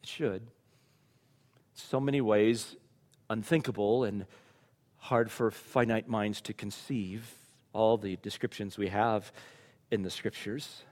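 Male pastor, sermon delivery, quiet to fervent, church with long reverb. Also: fairly low pitch, fairly even intonation, slow pace, long pauses. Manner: preaching, from quiet and reflective to loud and fervent.

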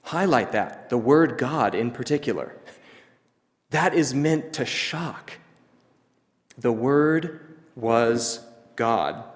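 A man delivers a teaching sermon at a middling pitch, measured and explanatory. He pauses to stress key phrases. A long hall reverb trails each line. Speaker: preacher.

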